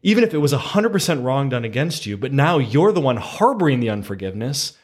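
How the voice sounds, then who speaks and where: A man, a priest, earnestly telling a story about forgiveness in a faith conversation, with lively emphasis on key moments. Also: mid-range voice, fast talker.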